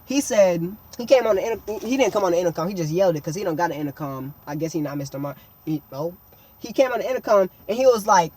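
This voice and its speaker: A woman's voice: fairly low pitch, quick pace, dry recording. A woman telling a comedic storytime monologue in a slangy, dramatic way, breaking into exaggerated yelps.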